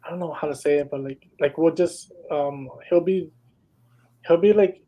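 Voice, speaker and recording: A man's voice: a little high, normal speed, warm tone, low-quality recording. A young man co-hosting a podcast, telling stories in casual chat, full of "like"s. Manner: rambling storytelling, many "like"s. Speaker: podcast co-host.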